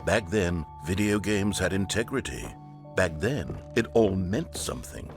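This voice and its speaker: A pompous, wistful game narrator with a medium pitch that rises and falls in grand, sweeping arcs. He is theatrical and lofty, and game music plays beneath him. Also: lively intonation, a little slow. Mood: nostalgic. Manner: theatrical, lofty, mock-mournful.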